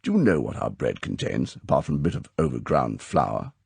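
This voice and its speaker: A man's voice: rumbling low, wildly swooping pitch, brisk, gravelly, a little mellow, husky, no echo, voice pushed down, heavily acted. A man voicing a stern older male spymaster who lectures in a clipped, commanding way, from an audiobook reading. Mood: lecturing.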